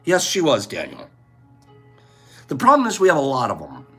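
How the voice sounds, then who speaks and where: A man's voice: medium pitch, wildly swooping pitch, moderate pace, sharp tone, breathy edge, faint music behind. A man hosting a casual livestream chat, playful and rambling, often breaking into laughter. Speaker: host.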